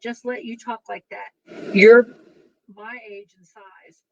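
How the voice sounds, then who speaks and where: A man's voice: very high voice, little pitch movement, slow pace, vocal fry, a bit bright, lo-fi sound, exaggerated voice. A woman voicing a hot-tempered young husband who blusters and threatens. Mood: angry.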